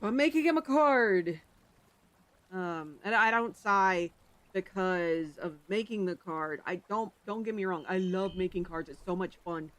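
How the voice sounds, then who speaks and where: A livestreamer chats loosely and off the cuff with viewers, wandering from topic to topic and breaking out in sudden loud exclamations. The voice is mid-pitched and the pace is measured.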